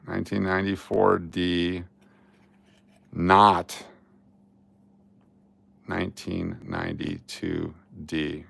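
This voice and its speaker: A deep-voiced man with a gravelly, fry-heavy tone talks to camera while searching through coins. He mutters dates and mint marks as he goes, gets excited over a possible find and groans at the misses. It is a loose, casual commentary. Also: normal speed, pauses often. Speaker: coin roll hunting host. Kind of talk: casual coin-hunting commentary.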